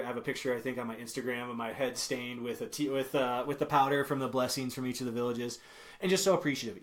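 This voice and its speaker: Rambling man telling travel stories. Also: medium pitch. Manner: rambling, full of ums and self-corrections; chuckles while telling stories. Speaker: podcast guest. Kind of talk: casual interview storytelling.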